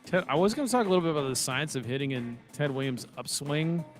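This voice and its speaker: A man's voice: fairly high pitch, lively intonation, quick pace, soft background music. A man co-hosting a podcast, chatting casually about baseball and movies in a loose, rambling way. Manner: rambling, laid-back, swears casually. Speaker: podcast co-host. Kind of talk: casual chat.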